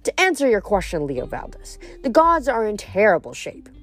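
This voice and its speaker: A woman's voice: mid-range voice, wildly swooping pitch, moderate pace, faint music behind. A woman reading aloud, voicing a scornful, cackling goddess of revenge. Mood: haughty. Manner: sneering, haughty.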